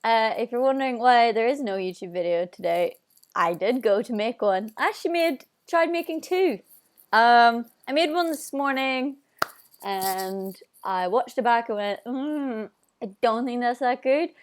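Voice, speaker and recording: A woman's voice: a little high, lively intonation, a little slow. Bubbly Northern Irish woman, chatty live stream. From Northern Ireland. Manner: chatty and bubbly, reading out viewer comments. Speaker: singer hosting a live stream. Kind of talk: casual live stream chat.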